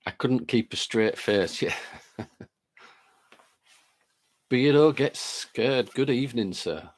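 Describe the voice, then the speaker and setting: A man's voice: medium pitch, lively intonation, slow pace. A man hosting a live stream, chatting casually and greeting viewers by name while reading their comments aloud, with a lingering chest cold.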